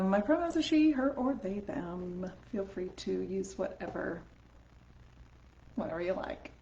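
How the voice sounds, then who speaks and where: A woman with a Canadian accent, a voice teacher chatting on a live stream, upbeat and quick to laugh. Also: medium pitch, darkish tone. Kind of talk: casual live-stream chat. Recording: echoey room, slightly dull sound.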